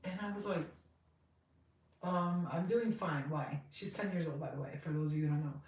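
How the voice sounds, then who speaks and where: A woman in her thirties giving a casual tarot reading, chatty and rambling, swearing freely and getting excitable. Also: deep voice, moderate pace, recorded from a distance. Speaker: tarot reader. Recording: roomy, off-mic sound.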